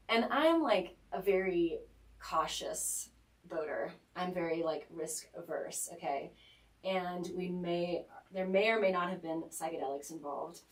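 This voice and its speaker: A woman's voice: fairly low pitch, measured pace, distant mic. Chatty woman telling a story, roomy studio. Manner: animated, laughing, lots of "like" fillers. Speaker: radio guest. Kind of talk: casual storytelling. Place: radio studio.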